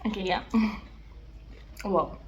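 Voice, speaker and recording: A woman's voice: slow pace, slight background noise. Chatty young woman eating on camera. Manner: chatty, filler-heavy, excitable, with chewing and "mm" sounds between remarks. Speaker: mukbang vlogger. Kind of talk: casual chat while eating.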